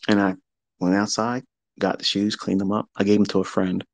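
A man's voice: fairly low pitch, flat delivery, normal speed, gravelly, no echo. Blunt, profane middle-aged man. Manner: confessional, reflective. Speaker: trading mentor. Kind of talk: candid motivational talk.

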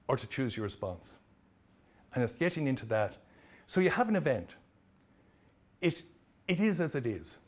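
A man giving a lively motivational presentation to trainees, telling stories with humor. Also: mid-range voice. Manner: animated, storytelling, jokey. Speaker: motivational speaker.

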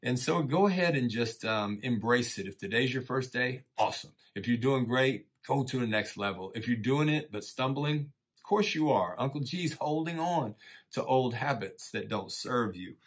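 A middle-aged man teaching a church lesson in a relaxed, folksy way, encouraging listeners and often saying "man" and "you know.". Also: medium pitch, moderate pace, breathy edge. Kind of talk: casual conversational sermon.

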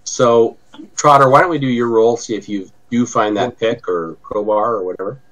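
A man's voice: mid-range voice, moderate pace, a bit bright, poor audio. A man acting as game master of a tabletop game, narrating in an easygoing way and thinking aloud as he goes.

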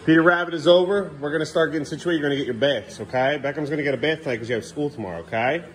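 A man's voice: on the high side, very fast, slight background noise. A man filming a casual family vlog at home, coaxing and joking with his children as he hurries them through bath time. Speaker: father filming his kids.

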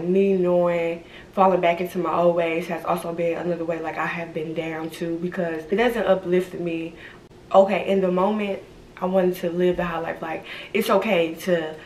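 A woman's voice: on the low side, slight background noise. A young woman, rambling through a candid vlog at home, her speech slightly slurred by retainers. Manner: rambling, frequent "like" and "y'all". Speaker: vlogger. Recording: echoey room, distant mic.

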